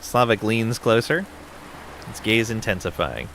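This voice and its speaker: A man streaming a casual game playthrough, reading story text aloud in a relaxed way with asides. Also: lowish voice, normal speed, faint music behind. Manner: relaxed, with frequent ums and asides.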